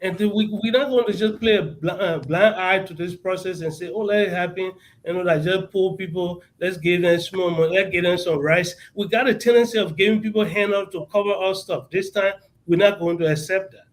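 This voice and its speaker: A man with a Liberian accent and a high voice speaks briskly as a guest advocate on a talk show, passionate and emphatic, often repeating words while searching for them. The impassioned interview comes through on a low-quality recording.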